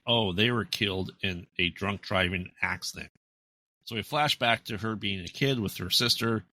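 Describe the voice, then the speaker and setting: A man's voice: sits low, sharp tone, dry recording. An American man co-hosting a podcast, casually recapping a horror movie plot with lots of fillers and restarts. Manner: rambling, many fillers and restarts. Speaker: podcast co-host.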